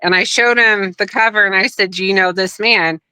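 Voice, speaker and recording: A middle-aged woman telling a story in a casual, animated way, acting out the voices of people she quotes. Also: mid-range voice, brisk, smooth, no echo, rough recording. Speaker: guest, wrestler's daughter.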